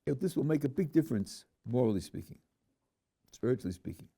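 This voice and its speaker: A man's voice: mid-range voice, expressive, fairly quick, vocal fry, warm tone, husky. A man, a rabbi, teaching a text class, reading verses aloud and then questioning them with dry humor. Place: yeshiva classroom.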